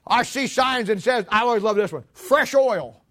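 High-voiced folksy preacher man. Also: a little fast. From Missouri, USA. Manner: animated storytelling, swings from loud to quiet, laughs at own jokes. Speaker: pastor. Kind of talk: folksy sermon with jokes and stories.

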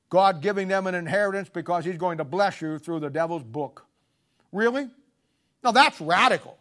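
A middle-aged male preacher delivering a blunt, confrontational sermon, swinging from loud declarations to low asides. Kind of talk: fiery sermon.

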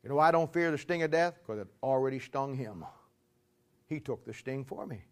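A man preaching a sermon in a folksy storytelling way, repeating himself, clearing his throat, and swinging between loud climaxes and quiet asides. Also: mid-range voice, animated, brisk. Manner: builds to loud shouting climaxes, then drops quiet; repetitive, clears throat often.

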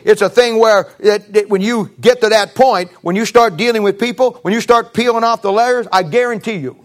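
A middle-aged male pastor preaching a sermon in a folksy, emphatic, storytelling way. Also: high voice.

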